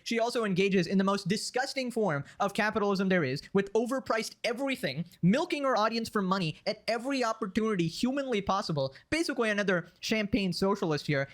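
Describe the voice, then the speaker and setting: A man's voice: high voice, animated, quick pace, few pauses, a bit bright. A man narrating scripted drama commentary in a mocking, sarcastic way.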